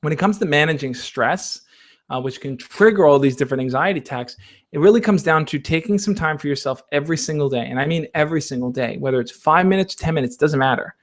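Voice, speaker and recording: A man with a slightly raised voice hosts a relaxed Q&A stream. He gives encouraging, coach-like advice and keeps checking in with the people listening. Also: a little high, fast. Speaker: advice channel host. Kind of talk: casual Q&A livestream.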